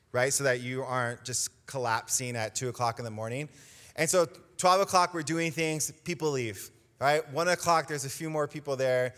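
A man's voice: mid-range voice, fairly bright tone, long reverb tail. A man giving a casual devotional talk as a youth pastor, who keeps checking in with "right?". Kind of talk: devotional talk with a personal story.

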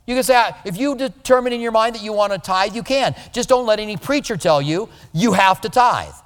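A male pastor giving a conversational sermon, animated and now and then mimicking other people's voices. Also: sits high, a little fast, in a large hall.

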